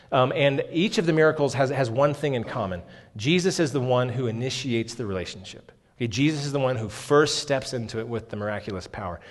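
A man preaching a sermon on a Bible passage in an earnest, emphatic way, often saying "okay", in a church hall. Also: mid-range voice. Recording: long hall reverb.

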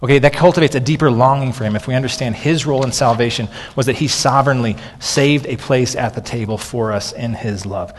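A pastor in his thirties preaches to his congregation in a loose, conversational way, stumbling over words and leaning on "okay." His voice sits at an ordinary middle pitch. It rings out with a long reverb tail, as in a large hall. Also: a little fast, hardly any pauses, a little hiss or hum. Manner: conversational, frequent "okay" and restarts. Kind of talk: sermon.

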